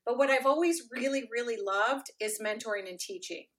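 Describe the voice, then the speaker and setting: Bright-voiced, animated middle-aged woman. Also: a little high, normal speed. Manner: animated, acts out quoted dialogue, frequent fillers. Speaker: podcast guest. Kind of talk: casual interview storytelling.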